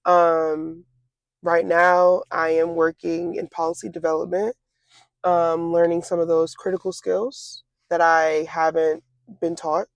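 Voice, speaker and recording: Young woman, twenties, gravelly voice, halting and reflective, dry recording. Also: lowish voice, little pitch movement, no room sound. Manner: reflective, halting, with many fillers and restarts. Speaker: interview guest. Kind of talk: casual conversation.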